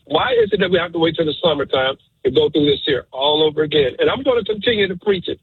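A man phones into a radio show, emotional and preachy as he repeats his message. His voice is husky and sits a little high. It comes through a thin, phone-like line. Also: big pitch swings, fast talker, no echo. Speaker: radio caller. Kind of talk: call-in radio talk.

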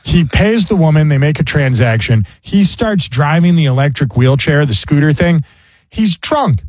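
A man's voice: fairly high pitch, expressive, normal speed, darkish tone, dry recording. A man hosting a radio show, telling jokey stories in casual banter. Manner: jokey storyteller, mock pronunciations.

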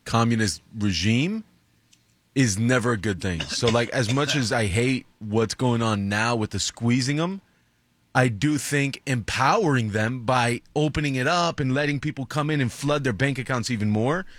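A man's voice: mid-range voice, no echo. A man co-hosting a radio show, giving his opinions in an earnest, casual way. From United States. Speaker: radio co-host.

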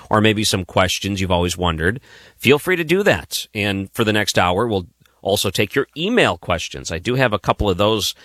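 A man's voice: lowish voice, fairly bright tone, dry recording. A man guest-hosting a late-night radio talk show, chatting casually and inviting callers. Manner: chatty, friendly asides. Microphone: studio microphone.

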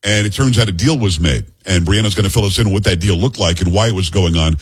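A man's voice: low-pitched, quick pace, husky. A middle-aged man hosting a podcast in casual chat, rambling into joking asides and teasing his co-host. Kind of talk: casual talk-show chat.

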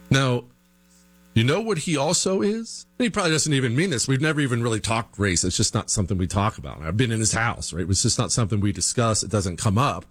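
A man delivering a talk-show monologue in a mid-pitched voice that leaps up and drops down constantly. He fires rhetorical questions at his listeners and slows right down to press his points home. The sound is dry and close. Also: no echo. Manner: animated and emphatic, with big pitch swings and rhetorical questions.

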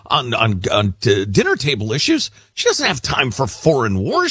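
Husky guy co-hosting, wry and teasing, swings way up and down. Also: mid-range voice, huge pitch swings, moderate pace, sharp tone, no room sound, clean studio sound. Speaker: talk show co-host. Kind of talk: casual political banter.

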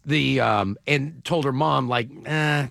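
Gravelly bright-voiced radio host man. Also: mid-range voice, no room sound, studio quality. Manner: joking, rambling, quick asides. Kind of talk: casual morning radio banter.

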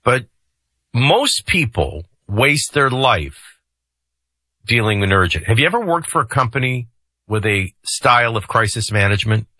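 A man's voice: medium pitch, a little slow, dry recording. A middle-aged man hosting a radio morning show, talking casually in a folksy, joking way into a studio microphone. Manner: folksy, joking, lively delivery.

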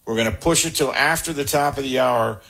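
A male sports radio host with a slightly husky voice and a middle-pitched tone. He keeps things upbeat, jokes around and moves callers along. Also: a little fast, fairly bright tone. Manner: upbeat, jokes and quotes movie lines. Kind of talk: call-in sports radio chat.

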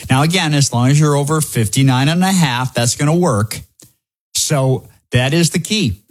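A man from the United States hosting a financial talk show as an advisor, speaking in a wry, sarcastic, folksy way. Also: medium pitch.

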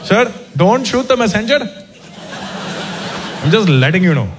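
A man voicing a polite, apologetic hotel bellman who speaks slowly and gravely. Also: high-pitched, big pitch swings, background noise, pitched above the performer's own voice.

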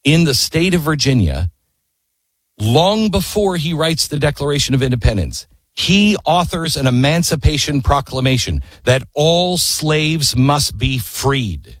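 An impassioned man tells history as a story, earnest and emphatic. He throws out rhetorical questions and presses his listeners to face every part. His husky voice swings widely in pitch, and it sounds dry and close. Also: sing-song, measured pace, dry recording. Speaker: history speaker.

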